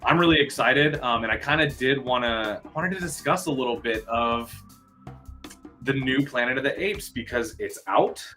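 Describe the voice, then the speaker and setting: A man hosting a live movie news stream, chatting excitedly with viewers and answering their comments. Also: mid-range voice, moderate pace, faint music behind.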